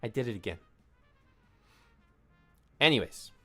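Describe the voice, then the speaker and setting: A man's voice: medium pitch, lively intonation, measured pace, pushed and bright, soft background music. A man hosting a keyboard vlog, ranting in an exasperated, sarcastic way and apologizing between outbursts. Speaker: keyboard video host.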